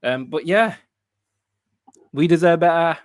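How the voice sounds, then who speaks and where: A man hosting a football fan livestream in casual chat, relaxed and repeating phrases. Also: on the high side, a little slow, clean tone, dry recording, clean studio sound.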